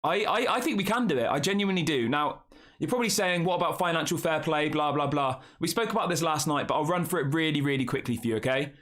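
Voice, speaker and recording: This football channel host is a young man whose fairly bright voice sits a little high; he's expressive and talks fast. Running a casual live stream, he chats straight to his audience and addresses them as guys.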